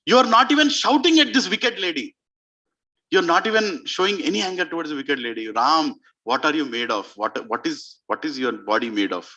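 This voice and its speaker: A man's voice: on the high side, animated, fairly quick, bright, forceful tone, highs cut off. A man playing a grief-stricken old king who speaks in an anguished, pleading way.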